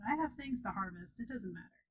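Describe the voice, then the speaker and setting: A woman chatting casually as she plays a co-op farming game, giggly and often trailing off softly. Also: medium pitch, expressive, fast talker, low-quality recording. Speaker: let's play host. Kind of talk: casual gaming commentary.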